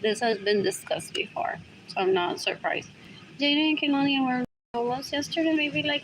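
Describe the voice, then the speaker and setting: A woman's voice: sits high, moderate pace, noisy background. A woman livestreaming from her apartment in a rambling monologue. She repeats the same short question again and again and switches between English and Spanish mid-sentence.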